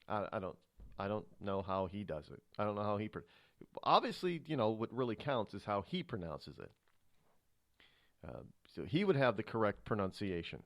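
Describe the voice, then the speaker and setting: Male talk radio host, rambling monologue with restarts, lively up-and-down delivery, dry close mic. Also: on the low side, normal speed, dry recording. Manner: rambling, musing aloud with many restarts. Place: home radio studio.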